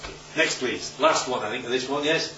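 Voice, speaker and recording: A man's voice: mid-range voice, brisk, sharp tone, echoey room, a little hiss or hum. Man, preacher, chatty Bible talk, checks in with listeners, distant mic, dull recording. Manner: conversational, checks in with listeners often.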